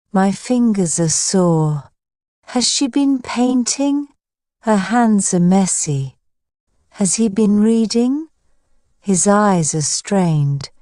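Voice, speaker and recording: Woman teacher, slow measured delivery of example sentences, warm low-key tone, dry close recording. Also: clear, resonant tone, no room sound. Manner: even, deliberate reading of example sentences. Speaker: English teacher. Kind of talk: slow scripted grammar drill.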